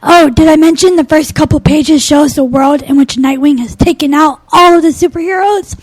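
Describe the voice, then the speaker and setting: A woman's voice: high-pitched, darkish tone, dry recording, rough recording. A woman co-hosting a podcast, chattily recapping a comic book story. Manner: chatty, quick recaps with laughs. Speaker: podcast co-host. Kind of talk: casual comic book chat.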